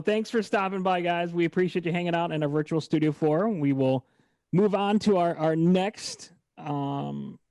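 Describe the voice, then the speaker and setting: A radio host runs a virtual fan meet with upbeat, brisk patter, introducing each caller in turn. The voice has a middling pitch and a dry, close sound with no room echo. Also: warm tone.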